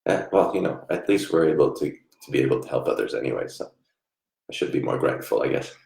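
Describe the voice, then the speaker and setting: A man giving a live online psychic reading, soft-spoken and halting, often trailing off quietly. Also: very deep voice, animated, gravelly. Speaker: psychic medium. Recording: echoey room.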